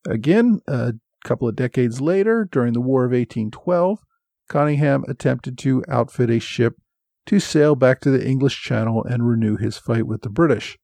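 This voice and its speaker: A man's voice: medium pitch, moderate pace, gravelly, mellow, dry recording. A man hosting a history podcast, reading thanks and notes in an earnest, explanatory way. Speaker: podcast host. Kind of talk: scripted podcast narration.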